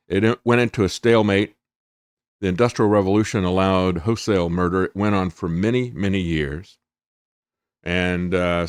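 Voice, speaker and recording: A man hosting a talk show, retelling a wartime story in an unhurried monologue with frequent fillers and read-out quotes. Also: medium pitch, dry recording, studio quality. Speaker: show host. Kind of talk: casual monologue retelling history.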